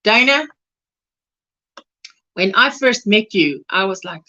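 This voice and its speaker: Casting note: woman with a bright, unhurried voice, Afrikaans speaker, a livestream host chatting with viewers and laughing often. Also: medium pitch, animated, highs cut off. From South Africa. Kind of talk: casual livestream chat.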